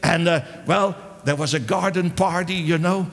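A man preaching, retelling a story in a lively, repetitive way with frequent restarts. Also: on the high side, normal speed, big-room sound. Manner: animated, repeats himself, restarts often. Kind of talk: sermon storytelling.

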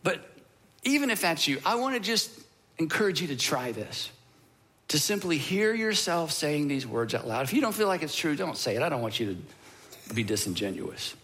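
Earnest preaching man, hushed at times. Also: fairly high pitch, normal speed. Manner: earnest, swings from animated emphasis to hushed, near-whispered lines. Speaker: pastor. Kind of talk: sermon closing with prayer.

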